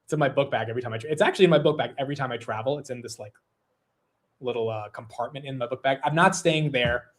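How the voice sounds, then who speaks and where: A young man with a medium-pitched voice hosts a long livestream at a quick clip. He chats casually, rambles, swears loosely, and reads out viewers' super chats.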